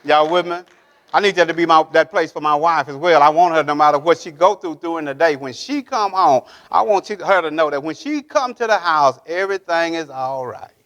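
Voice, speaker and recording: This preacher's voice is on the high side, fairly bright, and fairly quick. Standing in the church sanctuary, he preaches emphatically, repeats key phrases and keeps asking the congregation if they are with him.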